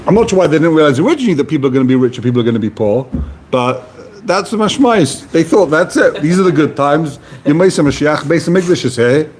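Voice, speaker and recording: There's slight background noise as this man, whose voice is on the high side, rattles quickly through Talmud study. Animated, he reads Aramaic phrases aloud and casually translates and explains them to a study partner, as in a class.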